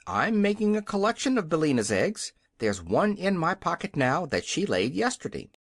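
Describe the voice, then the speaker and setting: Kind mild scarecrow guy from a storybook, lively voice, reader doing it. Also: medium pitch, moderate pace, dry recording, clean studio sound, pitched above the performer's own voice. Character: kind, gentle male scarecrow.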